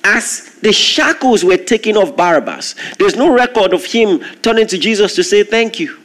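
A man preaching a sermon, retelling a story with lively, acted-out voices. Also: sits high, normal speed. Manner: animated storytelling, acting out crowd shouts.

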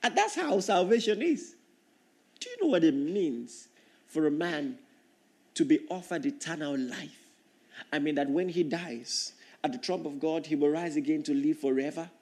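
High-voiced emphatic male preacher. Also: expressive, normal speed, darkish tone. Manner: emphatic, repeats key phrases for stress. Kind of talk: sermon.

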